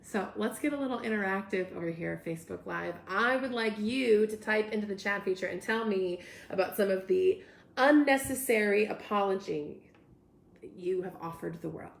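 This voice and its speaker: A woman's voice: medium pitch, normal speed, gravelly, echoey room. A young woman hosting a casual live stream, reading viewer comments aloud and reacting with upbeat energy. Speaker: host.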